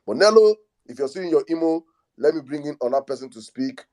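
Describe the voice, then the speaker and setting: A man leads a live online audio room. His voice sits a touch high but sounds mellow and dark. He speaks in a soothing, repetitive way. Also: fast talker. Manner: soothing, repeats calming phrases. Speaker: host. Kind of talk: live audio space discussion.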